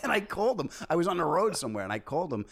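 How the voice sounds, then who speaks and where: A man as a podcast guest, telling stories in casual chat with loud excited bursts. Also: on the high side, racing.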